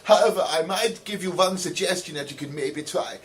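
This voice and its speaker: A man answering viewer letters in a rambling, mock-earnest way, filling every pause with "of course" and putting on pompous sincerity. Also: sits high, a bit bright. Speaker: comedy video host reading letters.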